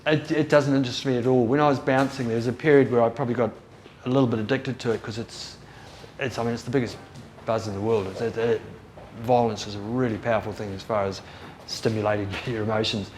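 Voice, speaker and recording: A man's voice: medium pitch, steady tone, fast, a little mellow, a little hiss or hum. New man telling old stories. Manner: rambling, self-interrupting, laughs at own story. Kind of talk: casual storytelling.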